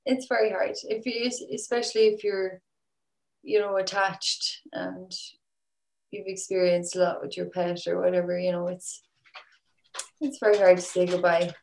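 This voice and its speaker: A woman's voice: fairly low pitch, level tone, normal speed, darkish tone. A woman from Ireland, a musician guest, chatting casually and rambling through her stories. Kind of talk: casual chat. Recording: echoey room.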